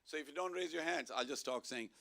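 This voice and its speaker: Lively man with a gravelly voice. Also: on the high side, fast talker. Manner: lively, playful, leads call-and-response chanting. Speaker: temple speaker. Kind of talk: informal sermon to a congregation. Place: temple hall.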